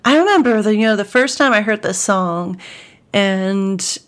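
A woman's voice: medium pitch, lively intonation, measured pace, fairly bright tone, soft background music. A woman in casual podcast chat, thinking aloud and correcting herself as she recalls things. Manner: reflective, searching for words with self-corrections.

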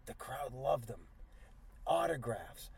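A middle-aged man hosting a casual chat in a car, an excitable, joking storyteller. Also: medium pitch, slow, gravelly, breathy edge. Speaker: TV host. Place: inside a car.

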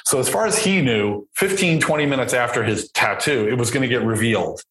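A man telling stories as a guest on an interview podcast, acting out the people he quotes in a lively way. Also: mid-range voice, fairly quick, slight background noise. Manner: lively storyteller who acts out the people he quotes. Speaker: guest producer of prank shows. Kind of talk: casual storytelling interview. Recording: echoey room.

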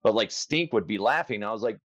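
Animated, joking male podcast host. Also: on the low side, fairly quick, no room sound, dull audio. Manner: joking, animated, slips into voices. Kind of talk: casual chat.

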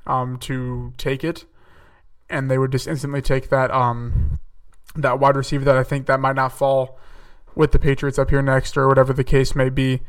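A man's voice: medium pitch, flat delivery, moderate pace, smooth, distant mic. A young man hosting a podcast, talking casually through his picks and thinking aloud with fillers and self-corrections. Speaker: podcast host. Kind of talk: casual solo mock-draft commentary.

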